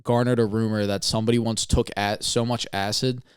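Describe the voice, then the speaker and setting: Young male comedy co-host, lowish smooth voice, dry close mic, offhand loose banter. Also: flat delivery, brisk, dry recording. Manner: loose, offhand, says "like" a lot. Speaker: podcast co-host. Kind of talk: casual comedy chat.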